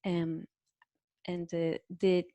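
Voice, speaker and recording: A woman from Sweden giving an academic lecture, explaining step by step in a measured way with some fillers. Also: fairly low pitch, little pitch movement, dark tone, no echo. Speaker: guest lecturer.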